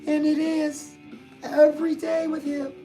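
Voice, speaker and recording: A woman's voice: sits high, level tone, unhurried, music in the background, poor audio. A woman hosting a casual motivational live stream, chatting straight to her viewers and reading out their comments.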